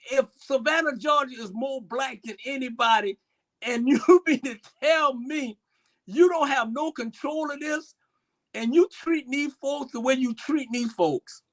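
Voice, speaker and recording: A man on a casual live-stream talk show, emotional and impassioned, his voice swinging between loud and soft. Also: high voice.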